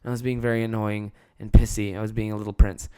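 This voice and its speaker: A young man hosting his podcast solo, telling a childhood story with lively swearing and acted-out quotes. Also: fairly low pitch, quick pace, clean tone. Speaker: podcast host and comedian.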